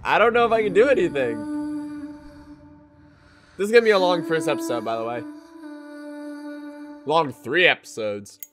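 A man giving let's play commentary, excitable and jokey, talking back at the game as he plays. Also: fairly high pitch, normal speed, long pauses. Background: game music and sounds.

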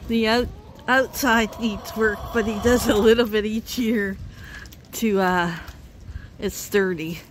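In a noisy home video, a vlogger chats straight to her viewers from her family cottage. Her medium-pitched voice stays steady, and she takes things slowly.

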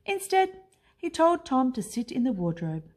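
A woman teacher reading a children's picture book aloud in an expressive, unhurried way. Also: high voice. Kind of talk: storybook read-aloud.

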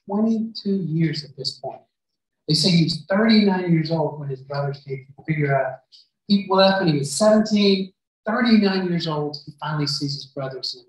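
A man preaching a sermon, retelling a Bible story and acting out what the characters say. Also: high voice. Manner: storytelling, acts out the characters' lines. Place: church hall. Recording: very echoey hall, voice far from mic.

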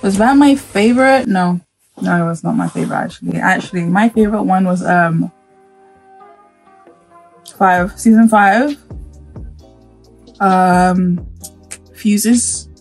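A woman with a husky voice, talking casually in a gaming reaction vlog and breaking into excited exclamations before rambling on. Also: medium pitch, takes it slowly, long pauses, soft background music. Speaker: gaming YouTuber.

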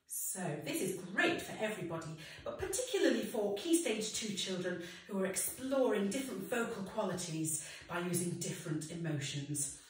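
A woman leading a children's singing session, explaining in a lively way between sung lines. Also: medium pitch, normal speed, distant mic. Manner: expressive, alternating spoken instructions with sung lines. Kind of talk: leading a children's sing-along. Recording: echoey room, voice slightly off-mic.

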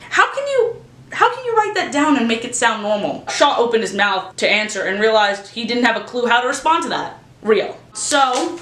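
A woman vlogging a casual book review, animated and sarcastic, swearing freely. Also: a little high. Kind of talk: casual chat. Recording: echoey room.

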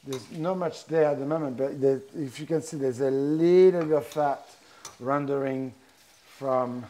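This middle-aged French chef has a dark tone and medium pitch as he guides onlookers through a live cooking demonstration. Talkative and stop-start, he often begins sentences over while explaining each step.

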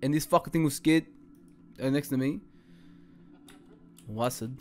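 A man's voice: mid-range voice, moderate pace. A man, casually commenting while he plays a horror game and swearing a lot. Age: 20s. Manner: swears a lot, panicky yelling when scared. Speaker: gaming streamer.

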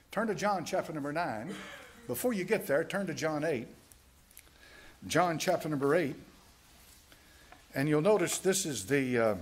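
Husky, lively-voiced male pastor preaching. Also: a little high. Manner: emphatic preaching, reading scripture aloud in King James wording. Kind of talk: Bible-teaching sermon. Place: church sanctuary, Sunday school class.

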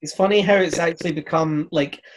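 A man's voice: a little high, steady tone, a little fast, background noise. A man hosting a casual panel discussion, who stammers at the start of his points and makes wry remarks. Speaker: host.

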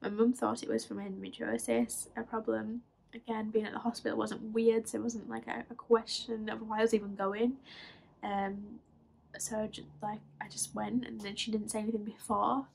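A woman in her twenties from England tells a personal story straight to camera. Her voice sits a little high and has a gravelly, creaky edge. She talks in a chatty, halting way, with lots of fillers and small laughs. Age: 20s. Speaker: vlogger.

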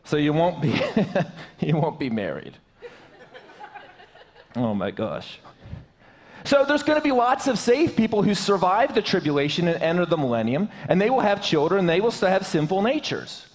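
A man's voice: high-pitched, very animated, brisk, big-room sound. A man preaching a sermon to his church, in a joking, conversational way. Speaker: pastor. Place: church sanctuary.

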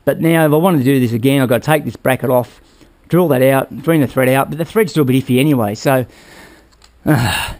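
A man's voice: mid-range voice, a little fast, darkish tone. A man casually talking viewers through a motorbike build in his workshop, rambling and checking in with "all right?" as he goes. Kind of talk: casual workshop how-to talk.

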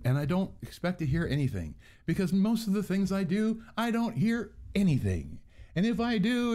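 A man ranting into an earbud mic on his own channel, rambling and swearing freely as he goes. His pitch rises and falls in a lively way, and he sounds exasperated throughout. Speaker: channel host. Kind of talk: casual vlog rant.

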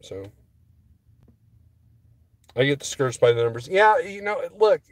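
A man's voice: a little high, lively intonation, unhurried, no echo. A man vlogging as a trucker, rambling casually to his viewers and getting worked up as he talks. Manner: rambling, restarts often, gets heated.

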